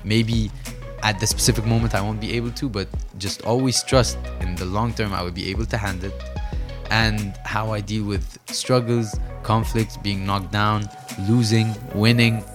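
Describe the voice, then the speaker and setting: Earnest young man, low voice. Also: steady tone, normal speed, music in the background. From Saudi Arabia. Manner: earnest, repeats phrases for emphasis. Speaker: professional boxer, guest. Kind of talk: reflective interview conversation.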